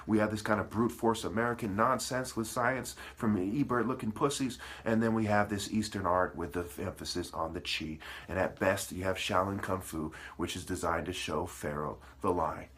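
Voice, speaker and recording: A man's voice: sits low, normal speed, few pauses, fairly bright tone. A man delivering a profane, preachy monologue, breaking words apart into syllables as he lectures. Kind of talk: ranting monologue.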